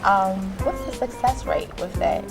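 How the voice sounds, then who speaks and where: A woman's voice: mid-range voice, animated, unhurried, gravelly, over music. A woman hosting a TV talk show, interviewing a guest in an upbeat, welcoming way. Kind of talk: TV studio interview.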